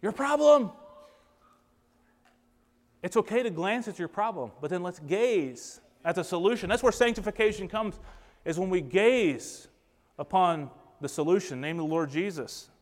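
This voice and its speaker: High-voiced preacher in a reverberant hall. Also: male voice, normal speed. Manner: emphatic, poses rhetorical questions to the congregation. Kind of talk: sermon. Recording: long reverb of a large hall.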